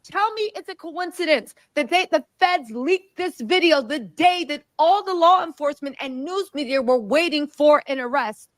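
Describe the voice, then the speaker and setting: A woman's voice: high voice, animated, moderate pace, few pauses, no echo. A woman host giving emphatic reaction commentary and reading a statement aloud. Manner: emphatic, preachy.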